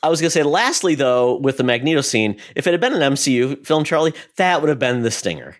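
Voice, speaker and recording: Male podcast co-host, lively pitch, hesitant opinions. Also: fast. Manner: animated, hesitant opinions with asides. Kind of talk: casual movie discussion.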